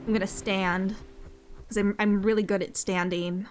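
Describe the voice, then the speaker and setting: A young woman streaming a game in casual chat, excitable, gasping often and repeating her phrases. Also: mid-range voice, moderate pace, faint music behind.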